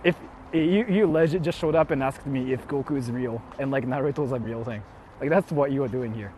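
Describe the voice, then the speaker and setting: A man's voice: medium pitch, a little fast, a little mellow, slight background noise. A young man chatting casually on a stream from a car, reading donations, playful and sweary.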